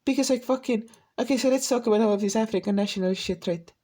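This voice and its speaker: A woman's voice: a little high, quick pace, mellow. A woman vlogger in a rambling, profane rant, full of restarts and asides. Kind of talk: casual ranting commentary.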